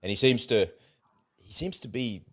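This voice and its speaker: A man's voice: medium pitch, lively intonation, moderate pace. A man co-hosting a casual political chat, blunt and exasperated, swearing as he rants. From Australia. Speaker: co-host.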